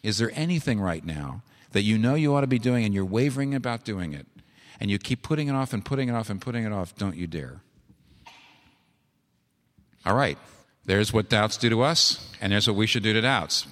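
A low-voiced male preacher delivering a sermon in a church, earnest and intimate one moment, then pressing hard and climbing in urgency. His words ring out with a long reverb through the large sanctuary. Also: expressive, a little fast, a bit bright. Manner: earnest, rising to urgent exhortation.

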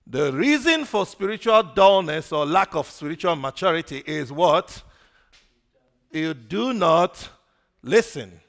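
A man preaching a sermon, putting questions to the congregation for them to answer and swinging between loud emphasis and quiet asides. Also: a little high, vocal fry. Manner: call-and-response questions to the congregation.

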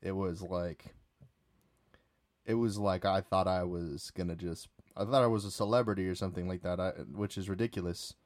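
A man's voice: sits low, fairly even intonation, normal speed, a little mellow, dry recording, clean studio sound. A man hosting a solo podcast, telling a night-out story in a casual, rambling way with lots of fillers and restarts. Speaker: podcast host.

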